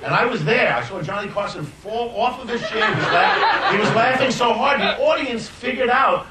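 An older man, a filmmaker, telling anecdotes in an animated way, often laughing and restarting his sentences. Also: normal speed. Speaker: filmmaker guest. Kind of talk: anecdotal storytelling. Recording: roomy distant mic, faint rumble.

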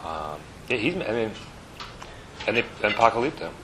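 A man as guest in a casual film chat, talking quickly and restarting his sentences often. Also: on the low side, very animated. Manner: quick, restarting, self-interrupting. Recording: background noise with dish clatter.

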